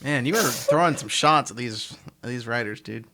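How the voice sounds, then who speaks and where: A man's voice: mid-range voice, moderate pace, sharp tone, slight background noise. A man hosting a casual fan podcast over a call, teasing his co-hosts in joking banter. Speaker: podcast host. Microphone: own mic on a voice call.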